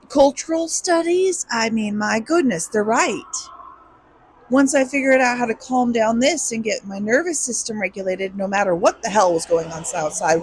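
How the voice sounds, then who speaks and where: A woman speaks frankly to camera in a personal vlog, earnest and reflective, now and then swearing. Her voice sits a little high. A faint hiss of room noise runs under her talk. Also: a little mellow, low-quality recording. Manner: candid and emotional, with swearing. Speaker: vlogger.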